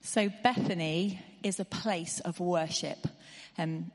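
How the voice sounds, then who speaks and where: Female church speaker, lower voice, conversational sermon with fillers, long hall reverb. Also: steady tone, takes it slowly.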